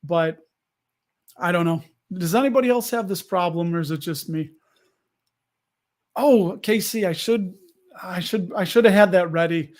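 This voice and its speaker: Casual stream host, man with a high voice, loose and rambling, talks back to his chat. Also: moderate pace, long pauses. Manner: rambling, restarts sentences, answers viewers.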